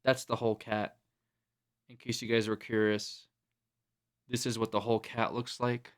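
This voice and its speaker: A man's voice: lowish voice, level tone, normal speed. A man chatting casually with his live-stream chat from home, swearing freely and laughing a lot as he talks. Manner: drops to a soft hushed coo when calling his cat. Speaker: livestreamer.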